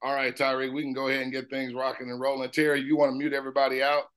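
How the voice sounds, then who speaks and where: A man's voice: medium pitch, completely flat delivery, very fast, a bit bright, clear, resonant tone. A man from Houston, Texas, hosting an online meeting over a video call, upbeat and welcoming as he directs the call.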